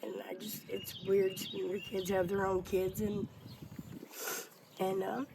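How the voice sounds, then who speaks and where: A woman in her forties telling her life story in an interview, halting and emotional, with many fillers and restarts. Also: medium pitch, flat delivery, vocal fry. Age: 40s. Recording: noisy outdoor background.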